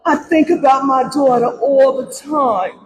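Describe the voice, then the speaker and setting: A woman's voice: high-pitched, steady tone, a little slow, dull audio. A middle-aged grieving grandmother speaking at a press conference, pleading and tearful, often repeating her words. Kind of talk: emotional press conference speech. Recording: crowd noise around the speaker.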